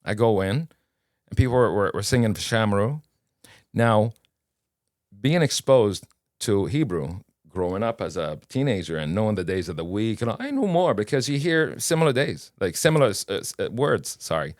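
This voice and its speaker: Speaking at normal speed in a fairly low voice, a Kuwaiti man whose first language is Arabic tells his own story as a podcast guest. He's casual and animated, acting out the dialogue as he goes. The sound is studio quality with no echo.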